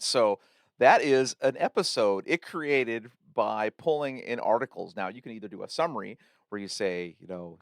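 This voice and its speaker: A podcast host talks through a tutorial in a relaxed, rambling way, full of fillers and restarts. His voice is low and gravelly. The sound is dry and close, with no room echo. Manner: chatty, loose, with many fillers and restarts. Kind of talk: casual tutorial walkthrough.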